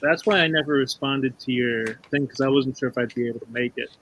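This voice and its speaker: A man's voice: mid-range voice, fast, a crowd in the background, low-quality recording. A man guesting as an artist on a live stream, easygoing as he walks through his drawings. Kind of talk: casual chat. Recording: loud background noise.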